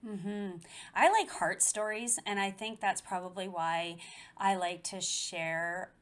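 A woman's voice: medium pitch, slow pace. A woman in her forties, talking casually and telling a personal story with animation and frequent laughs. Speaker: guest. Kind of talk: casual conversation.

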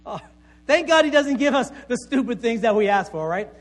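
A male pastor preaching a sermon before a congregation in a conversational way, checking in with "right?" and dropping to a soft voice for emphasis. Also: very high voice, lively intonation, a little fast. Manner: conversational preaching with frequent "right?" tag questions and stammered repeats; drops to soft, quiet tones for emphasis.

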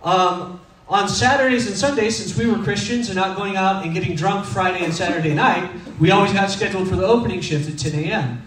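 High-voiced man telling funny stories. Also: a little fast, few pauses, fairly bright tone. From Texas. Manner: humorous, self-deprecating, many fillers. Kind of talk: conversational sermon storytelling. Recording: echoey room, distant mic.

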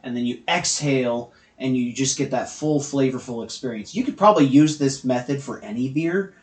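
A man co-hosting a travel vlog, telling an animated story and acting out the voices of the people in it. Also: mid-range voice, moderate pace. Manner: animated, acts out quoted voices. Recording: roomy echo.

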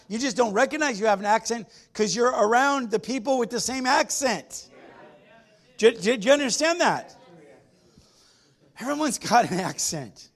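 A man preaching a sermon as pastor, emphatic, repeating his phrases and putting questions to the congregation. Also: high-pitched.

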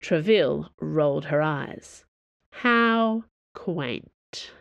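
A woman narrating an audiobook in a measured, expressive way. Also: low-pitched, vocal fry, no echo, lo-fi sound.

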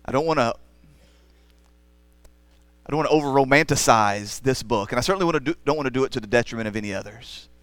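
A man's voice: medium pitch, fast talker, pauses often, fairly bright tone, clear, resonant tone, dry recording. A man preaching a sermon as the pastor, earnest and rising to emphatic passages.

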